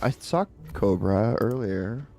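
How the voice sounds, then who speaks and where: A man's voice: lowish voice, slow pace, mellow. A man co-hosting a gaming stream, joking crudely in casual banter.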